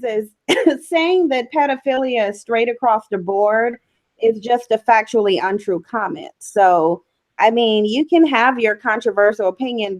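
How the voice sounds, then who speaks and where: A woman's voice: fairly high pitch, no room sound, rough recording. A woman speaking as a guest on a talk show, giving blunt, opinionated, dismissive views in casual chat.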